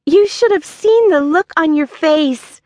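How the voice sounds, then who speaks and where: A woman narrator voicing a brash, teasing young woman friend in a much higher, playful voice. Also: a little slow, darkish tone, no echo, studio quality. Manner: playful, mocking.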